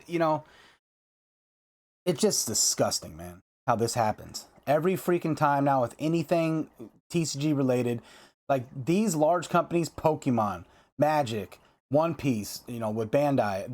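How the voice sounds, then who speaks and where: A man hosting a card-game video, talking casually and ranting heatedly, with lots of fillers and repeated phrases. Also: a little high.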